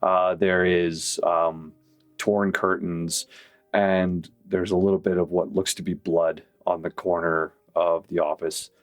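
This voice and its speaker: A man runs a tabletop game and describes each room in a relaxed, descriptive way. His voice sits a little low, and he leaves filler pauses between the details. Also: dry recording. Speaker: game master.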